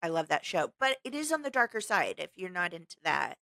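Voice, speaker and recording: Her voice lowish and creaky, a female podcast co-host speaks a little quickly, chatty and full of laughter as she spins lively stories. The recording is dry and close, made over a remote call.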